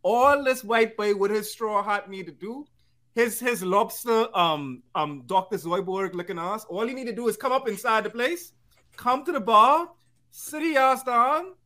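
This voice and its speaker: Man, high bright voice, panelist who jokes and laughs a lot. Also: unhurried. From Bahamas. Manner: joking, animated, laughs often. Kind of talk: casual chat.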